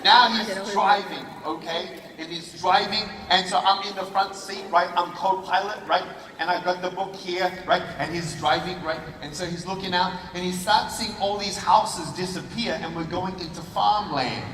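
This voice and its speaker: A man telling a lively personal story to a convention audience, acting out the dialogue as he goes. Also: sits high, normal speed, hardly any pauses. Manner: animated, acts out dialogue with shifting voices. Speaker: motivational speaker. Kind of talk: storytelling talk on stage. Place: convention hall. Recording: distant roomy hall with audience. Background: audience and noise.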